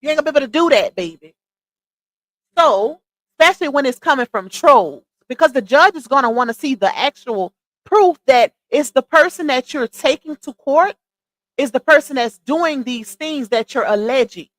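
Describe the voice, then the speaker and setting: Sassy high-voiced woman streamer. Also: lively intonation, moderate pace, a bit bright, no room sound, poor audio. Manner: sassy, incredulous, addresses viewers as y'all and baby. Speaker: live stream commentary host. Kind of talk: casual livestream commentary.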